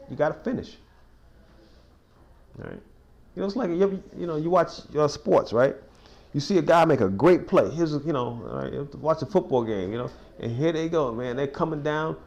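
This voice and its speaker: Folksy man teaching a Bible study. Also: medium pitch. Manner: informal, folksy, builds to excited sports stories; frequent restarts and you-knows. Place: small cafe.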